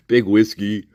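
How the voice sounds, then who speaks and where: A man's voice: fairly low pitch, no echo, studio quality. A man hosting a casual live discussion, rambling, repeating himself and swearing freely. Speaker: livestream host.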